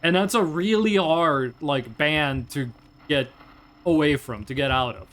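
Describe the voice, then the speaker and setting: High-voiced chatty male streamer. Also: unhurried, fairly bright tone. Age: 20s. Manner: chatty and profane, joking with chat. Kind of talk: casual live game commentary.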